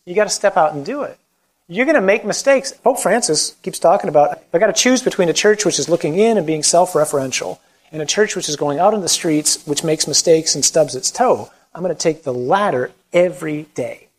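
In a rough recording, a priest with a voice on the high side talks fairly quickly. His conversational, animated preaching on evangelization includes acted-out quotes, and he finishes by leading a closing prayer as a Catholic priest.

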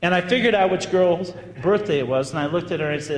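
A man, a priest, telling a story in a sermon in an animated, conversational way with bursts of emphasis. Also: high-pitched, fast, few pauses. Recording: echoey hall with long reverb.

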